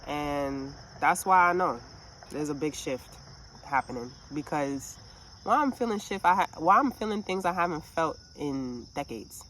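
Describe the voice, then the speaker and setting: A woman venting in a casual monologue, telling a story with lots of swearing and animated asides. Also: low-pitched, measured pace, a little hiss or hum. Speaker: vlogger.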